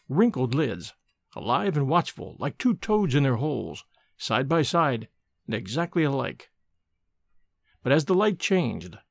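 A man's voice: on the high side, creaky, no room sound. A man narrating a gothic ghost story aloud, reading expressively and dramatically.

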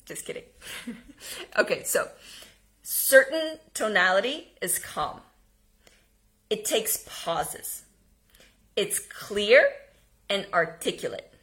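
A communication coach leads a live online workshop on voice and tone, speaking at a medium pitch with a sing-song lilt. She's informal and quick to laugh at herself, swinging from loud demonstrations to hushed, paused delivery.

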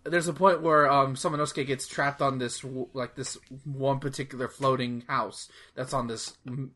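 A man's voice: mid-range voice, steady tone, moderate pace, sharp tone. A man co-hosting a podcast, chatting casually about video games, rambling with lots of "like" and swearing freely. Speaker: podcast co-host. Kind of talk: casual gaming chat.

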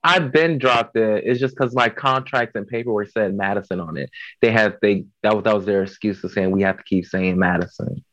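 A man's voice: lowish voice, fairly even intonation, a little fast, fairly bright tone, no room sound, lo-fi sound. Blunt joking man in dry close sound. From Chicago. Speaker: drag performer guest. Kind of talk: casual interview chat.

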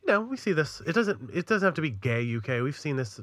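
A man's voice: a little high, big pitch swings, fast, a bit bright, no echo. A man co-hosting a true-crime podcast, chatting and joking casually before telling the case. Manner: chatty, jokey, reads ad copy. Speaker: podcast co-host.

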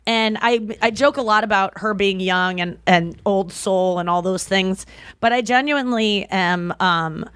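A woman's voice: medium pitch, measured pace, fairly bright tone, smooth, no room sound. Chatty woman podcast co-host, dry sound. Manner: chatty storyteller who acts out quoted people. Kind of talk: casual chat.

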